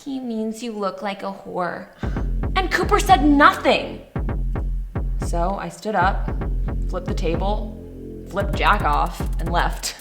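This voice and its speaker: Young woman as a bitter, sarcastic high school girl, mid-pitched, film narration. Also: expressive, takes it slowly, pauses often, music in the background. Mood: indignant. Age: young adult. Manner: sardonic, bitter. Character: angry, sarcastic teenage girl Jojo. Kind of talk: film narration and scene acting.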